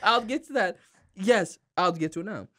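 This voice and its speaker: A woman's voice: medium pitch, animated, moderate pace, fairly bright tone, no echo, clean studio sound. A woman co-hosting a podcast, recapping a cartoon episode in casual chat and acting out character lines with put-on voices. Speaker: podcast co-host.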